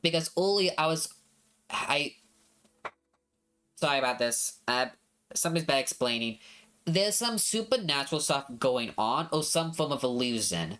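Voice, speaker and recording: A woman's voice: deep voice, sing-song, a little slow, pauses often, fairly bright tone. A woman streamer explaining a game to chat in a rambling, apologetic way, swearing casually.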